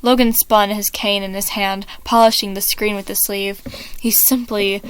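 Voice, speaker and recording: A woman reading an online fan story aloud, steady and measured. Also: medium pitch, smooth, no echo. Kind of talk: story read-aloud narration.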